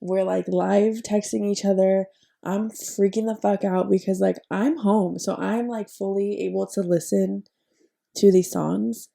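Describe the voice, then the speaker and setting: A woman's voice: medium pitch, fairly even intonation, a little slow, gravelly, warm tone. A young woman co-hosting a podcast, chatting casually with lots of "like" fillers and casual swearing. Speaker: podcast co-host. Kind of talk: casual chat.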